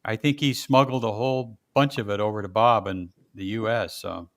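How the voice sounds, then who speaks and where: A man's voice: on the low side, moderate pace, no echo. Chatty man telling stories, dry sound. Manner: animated storyteller, laughs often, puts on voices in quotes. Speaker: podcast host. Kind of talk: casual storytelling chat.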